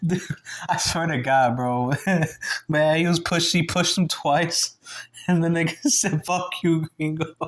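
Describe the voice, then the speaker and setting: Young guy with a kinda high voice, rambling storytime, cussing and laughing a lot. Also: little pitch movement, slow. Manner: profane, rambling, laughs often. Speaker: vlogger. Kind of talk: casual storytime vlog.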